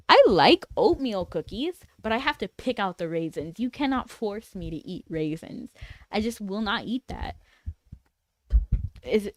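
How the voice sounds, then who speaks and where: Young woman streamer, mid-pitched, playful teasing banter, close and dry. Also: darkish tone, dry recording. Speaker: livestreamer. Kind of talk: casual livestream chat.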